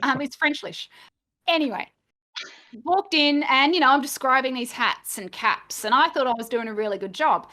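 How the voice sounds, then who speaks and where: Woman, game master, fairly high voice, casual self-deprecating chat. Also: normal speed, bright, forceful tone. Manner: chatty, self-deprecating, laughs easily. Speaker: game master and podcast co-host.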